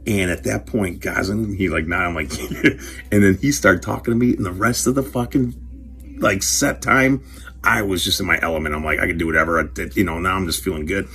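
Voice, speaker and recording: A man's voice: low voice, fairly quick, bright, forceful tone, faint music behind. A middle-aged man hosting his own show, telling a rambling, profane story and chatting casually while opening packs of cards. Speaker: show host, career coach.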